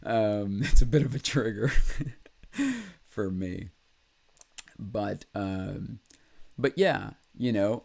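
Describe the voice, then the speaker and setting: Low-voiced man, halting confessional monologue. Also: gravelly, a little mellow. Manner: halting, with many pauses and fillers; candid and blunt, with swearing. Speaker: vlog host.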